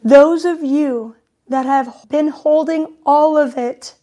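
Woman spiritual speaker, high voice, slow and emphatic, kinda teary. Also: fairly even intonation, dark tone, highs cut off. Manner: slow, emphatic, repetitive, tearful. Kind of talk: emotional spiritual talk.

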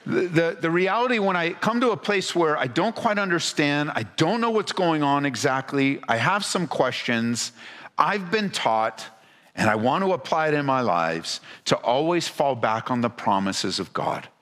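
A man's voice: a little high, lively intonation, moderate pace, fairly bright tone, in a large hall. A man preaching as a pastor to a congregation, talking in a conversational way and firing off rhetorical questions with frequent restarts. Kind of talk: sermon. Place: church hall before a congregation.

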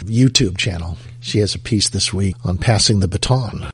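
A man's voice: low voice, normal speed, husky, dry recording. A man hosting a talk show, chatting easily with a co-host and introducing clips. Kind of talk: casual co-hosted show talk.

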